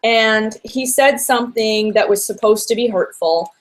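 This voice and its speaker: A woman telling a story in a casual podcast chat, animated and acting out the people she quotes. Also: a little high, a little slow. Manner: animated retelling with quoted voices.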